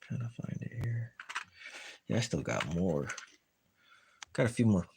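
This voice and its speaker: A man's voice: fairly low pitch, animated, measured pace, creaky, background noise. A man chatting casually on a livestream while tying fishing jigs, telling rambling stories full of fillers.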